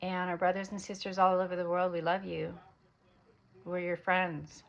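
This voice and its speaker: A woman's voice: on the low side, flat delivery, normal speed, vocal fry. A woman with an American accent speaking in a meandering spiritual monologue, drifting between topics with lots of fillers. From United States. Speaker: spiritual vlogger. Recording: dull lo-fi recording.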